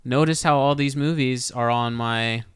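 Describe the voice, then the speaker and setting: A man's voice: mid-range voice, fairly even intonation, moderate pace, clear, resonant tone, no room sound, studio quality. A young man co-hosting a podcast, talking casually and enthusiastically about films he recommends. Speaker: podcast co-host. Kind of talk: casual chat about movies.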